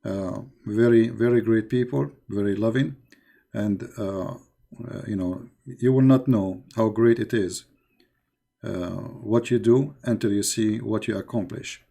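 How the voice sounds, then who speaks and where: Gravelly dark-voiced man host. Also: fairly low pitch, fairly even intonation, a little slow. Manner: plain speech with many fillers and repetitions. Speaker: host of a call-in show. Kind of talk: casual closing talk to listeners on faith.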